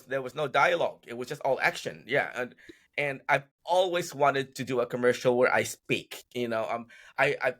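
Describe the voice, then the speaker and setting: A man's voice: medium pitch, bright, forceful tone. A man who is a guest actor on a podcast, telling rambling stories full of restarts in a casual interview. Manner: rambling storyteller, many restarts. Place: podcast recording.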